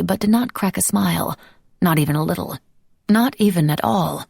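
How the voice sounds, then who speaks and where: A woman narrating an audiobook in a measured storytelling manner. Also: on the low side, gravelly, a little mellow, slightly rough, dry recording, studio quality.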